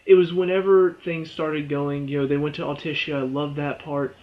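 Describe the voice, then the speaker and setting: Male game reviewer, a bit high-pitched, exasperated casual rambler, muffled recording. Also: little pitch movement, moderate pace. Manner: rambling, exasperated, with many "you know" and "all of a sudden".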